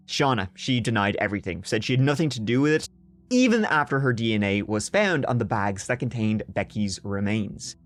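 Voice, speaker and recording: A man's voice: medium pitch, no room sound. A man hosting a podcast, telling a true crime story with sarcastic, swearing asides. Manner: sarcastic, swearing, animated outbursts. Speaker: podcast host.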